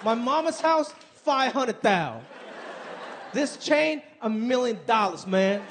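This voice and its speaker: A boastful rapper showing off his money in short, clipped brags, as a man puts him on. The voice sits high. Audience laughter and room noise fill the live comedy club. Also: animated, slow, a bit bright, a faint crowd, full character voice. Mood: bragging. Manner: bragging, clipped phrases.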